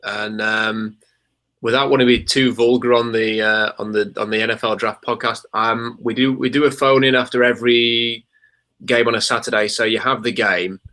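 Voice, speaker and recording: A man's voice: mid-range voice, fairly even intonation, moderate pace, pushed and bright. A man co-hosting a casual sports podcast, chatty and hesitant, with lots of ums. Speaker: podcast co-host.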